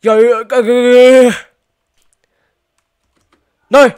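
A man's voice: very high voice, level tone, slow pace, pauses often, darkish tone, clean tone. A man with an Australian accent doing let's-play commentary on a horror game, jumpy and slangy, yelping when startled. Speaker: gaming YouTuber.

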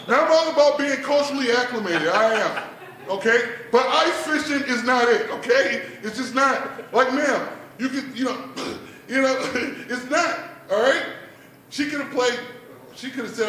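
Bright-voiced man doing stand-up in an echoey bar. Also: high-pitched, brisk, slight background noise. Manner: laid-back, peppers lines with "man" and "like". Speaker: stand-up comedian at an open mic. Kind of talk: stand-up comedy set. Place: bar performance room. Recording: echoey room, mic heard from a distance.

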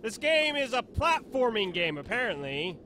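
A man's voice: extremely high pitch, big pitch swings, normal speed, pushed and bright, slight background noise. A playful young man giving casual commentary while playing a video game, often laughing and reading the game's lines aloud in put-on voices. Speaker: let's play host.

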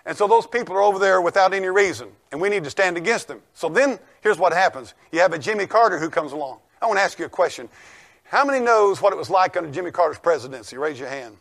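An older male pastor, preaching a folksy, emphatic sermon that rises to shouts. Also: high voice, expressive, fast. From United States.

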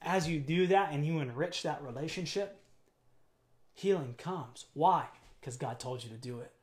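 High-voiced pastor guy preaching, gets big and emphatic, lots of questions to the church. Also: normal speed. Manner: preaching with rising, emphatic build-ups and rhetorical questions. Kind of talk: sermon.

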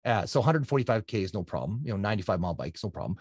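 Man from canada, middle-aged, interview guest, animated storyteller, lowish voice, dry sound. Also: racing, breathy edge, dry recording. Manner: animated, conversational, acts out quotes.

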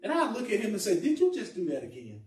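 High-voiced man preaching in an echoey church. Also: huge pitch swings. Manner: emphatic preaching with drawn-out phrases. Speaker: pastor. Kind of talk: sermon. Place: church sanctuary. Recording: echoey church room from far off.

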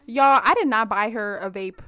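A young woman casually commenting on her life-sim game for viewers, animated, laughing and slangy. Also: on the high side, moderate pace, clear, resonant tone. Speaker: let's play host.

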